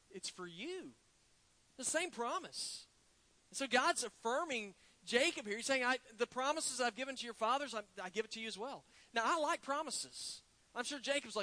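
A man preaching a sermon in a folksy, conversational way, swinging from animated emphasis down to a near hush and chatting asides to the congregation. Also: high-pitched, poor audio. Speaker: pastor.

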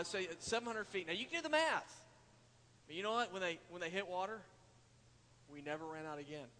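A man preaching a sermon, emphatic, swinging from loud declarations to hushed asides. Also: high voice, in a large hall. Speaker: pastor.

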